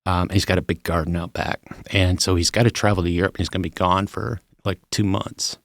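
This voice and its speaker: A man's voice: low voice, fast talker, gravelly, dry recording. A middle-aged man hosting a podcast, talking casually and telling stories with emphasis. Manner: animated, emphatic storyteller. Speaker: podcast host. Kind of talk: casual chat.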